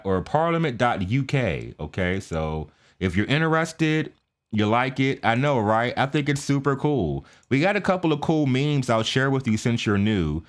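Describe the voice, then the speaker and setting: A man casually chatting with his viewers as he hosts a live reaction stream, loose and friendly with plenty of fillers. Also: medium pitch.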